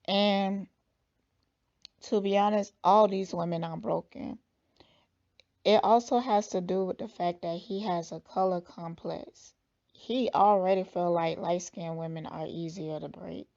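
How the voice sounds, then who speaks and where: Woman commentator, unhurried and blunt, husky fry, dark tone, dull recording. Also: on the low side, steady tone. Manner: slow, thoughtful, blunt judgements. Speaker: spiritual reader reacting to a clip. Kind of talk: casual commentary.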